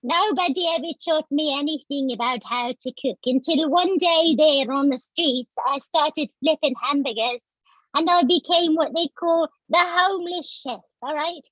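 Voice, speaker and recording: A woman's voice: high voice, normal speed, a bit bright, no echo, dull audio. A woman doing a swearing British street chef. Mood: ranting. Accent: put-on British. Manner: brash, swearing, ranting. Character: foul-mouthed British homeless woman chef.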